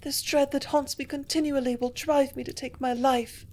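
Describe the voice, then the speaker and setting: A woman's voice: sits high, steady tone, normal speed, darkish tone, pitched above the performer's own voice. A woman reading the part of a young woman in despair in an audiobook, with a strained, tormented manner.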